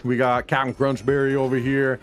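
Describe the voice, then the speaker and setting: A young man streams a video game from his room, talking to his viewers in a relaxed, slangy way and calling them brother and homies. His voice sits at an ordinary middle pitch. Faint music plays softly behind him. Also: brisk. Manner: laid-back, slangy, talks to chat as homies and brother. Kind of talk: casual live-stream chat while gaming. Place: home room.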